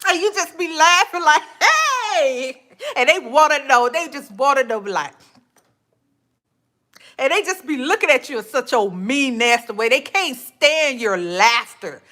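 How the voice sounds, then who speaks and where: A woman hosting a podcast, speaking in a casual faith-based monologue, animated and quick to laugh, calling listeners honey and child. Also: high-pitched. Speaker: podcast host.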